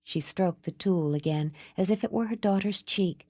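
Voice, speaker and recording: A woman reads a romance audiobook in a lowish voice. Her delivery is even and composed. The recording is dry and close. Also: normal speed, hardly any pauses, dry recording. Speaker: audiobook narrator. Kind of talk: scripted audiobook narration.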